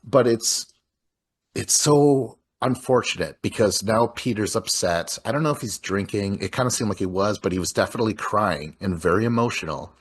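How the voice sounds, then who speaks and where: A man with a lowish voice and a husky, slightly breathy edge, chatting loosely about a film. He rambles and stacks filler words as he walks through scene after scene. The delivery is unscripted and conversational. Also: normal speed. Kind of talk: casual film discussion.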